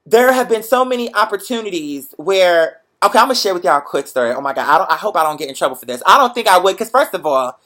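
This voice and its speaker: A young man hosting a show, chatting to viewers in a lively, profane, motivational storytelling way. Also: sits high, fast talker, hardly any pauses. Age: young adult. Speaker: show host. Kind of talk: casual livestream chat to viewers.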